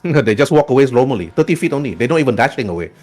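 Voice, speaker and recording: A man in the game master's seat, calling rolls and narrating the scene in a brisk, plain voice. His pitch sits in the middle, and faint music plays behind him. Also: big pitch swings, darkish tone. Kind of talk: running a tabletop game.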